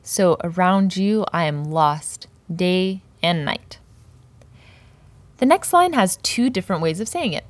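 A woman teaching a Persian poetry lesson, explaining words slowly and carefully pronouncing each example. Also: fairly low pitch, expressive, no echo.

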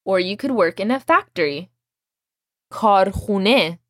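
Woman language teacher, patient drill-style delivery, very lively pitch, dry close sound. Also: moderate pace, no room sound. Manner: patient, explains and drills phrases. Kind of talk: language lesson.

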